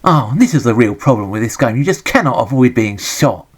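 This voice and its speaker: A man's voice: medium pitch, expressive, brisk, breathy edge. An English man giving a sarcastic, grumbling, joke-filled running commentary as he reviews a retro game.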